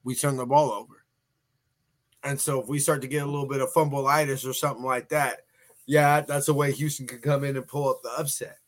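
A man's voice: medium pitch, flat delivery, a little fast. A man hosting a casual sports podcast, chatty and folksy, often restarting his sentences and sounding a bit tired. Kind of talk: casual sports talk show.

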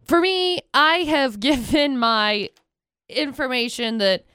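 A woman co-hosts a radio show from the studio, bluntly pushing back on her partner with firm opinions. Her voice is high. The studio microphone sound is dry and close. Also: pushed and bright, clear, resonant tone, no room sound. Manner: blunt, opinionated, quick to object. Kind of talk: casual morning radio banter.

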